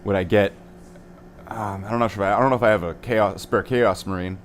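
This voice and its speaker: A young man with a lowish voice rambles through a relaxed hobby stream, playful and a little scattered. He keeps things loose and silly as he paints. A faint hum of room noise sits behind him. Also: brisk. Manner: goofy and playful, sings nonsense and repeats words. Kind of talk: rambling casual livestream chat.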